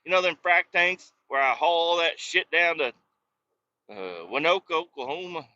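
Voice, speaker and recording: A man hosts his own podcast from the cab of a work truck, talking in a loose, rambling way with plenty of cursing and abandoned sentences. His voice is bright and a little tense. The recording sounds dull and lo-fi. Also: fairly high pitch, expressive, moderate pace. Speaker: podcast host. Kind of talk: casual rambling chat.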